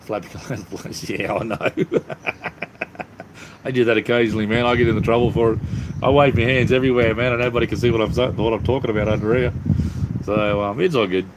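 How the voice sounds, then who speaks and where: A man's voice: medium pitch, fairly even intonation, a little fast, background noise. A man with an Australian accent chatting casually on a live stream, answering viewers in an easygoing way with lots of ums and restarts. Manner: easygoing, repeats "it's all good, mate", many ums and restarts.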